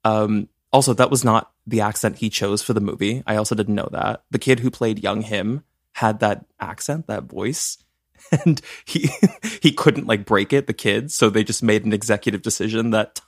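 A man co-hosting a casual podcast chat, joking, telling stories with animated swings and laughing often. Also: on the low side, moderate pace, no room sound, clean studio sound. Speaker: podcast co-host.

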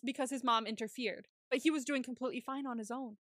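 A young woman co-hosting a casual recap podcast, talking in an animated way, swearing and laughing often. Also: on the high side, quick pace, no echo, studio quality. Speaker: podcast co-host.

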